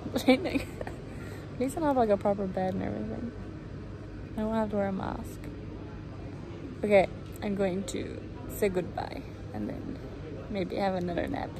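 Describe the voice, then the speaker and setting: Exhausted after a long trip, this young Irish vlogger rambles casually to her phone through an airport room and a plane cabin, poking fun at herself as she goes. She speaks in a mid-range voice with vocal fry, over a noisy background.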